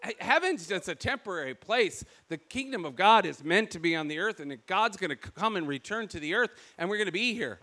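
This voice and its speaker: A man from Michigan with a Michigan accent, preaching a sermon in an animated storytelling way. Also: sits high, a little fast, few pauses. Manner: animated storytelling, acts out quoted voices.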